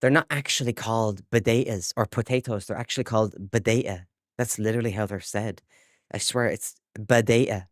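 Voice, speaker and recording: A man's voice: fairly low pitch, a little fast, dry recording, clean studio sound. A young adult Irish man chatting casually with viewers while he plays a game on a live stream. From Ireland. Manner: chatty, reads out chat and answers viewers, upbeat.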